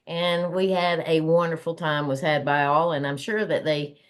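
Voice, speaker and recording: A woman's voice: sits low, fairly even intonation, normal speed. A woman with a Southern accent co-hosting a motivational podcast, chatting in a folksy way and laughing often. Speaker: podcast co-host. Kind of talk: casual chat.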